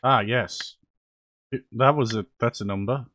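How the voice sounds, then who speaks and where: A man's voice: mid-range voice, a little slow, fairly bright tone, slight background noise. A man giving edited gameplay commentary in a sarcastic, joking way, laughing often. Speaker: gaming YouTuber.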